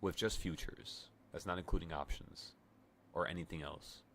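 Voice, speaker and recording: A man's voice: deep voice, fairly even intonation, normal speed, gravelly, a little hiss or hum. A man in his twenties, a trading streamer telling a story in casual livestream talk, stammering and swearing as he goes.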